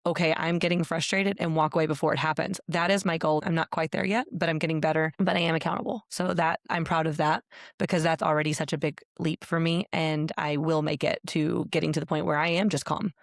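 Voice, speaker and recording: A woman's voice: low voice, fairly even intonation, fast, vocal fry, no room sound, studio quality. A woman in her thirties co-hosting a podcast, talking earnestly and frankly in a casual chat, often using "like" as a filler. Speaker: podcast co-host. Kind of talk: candid conversational chat.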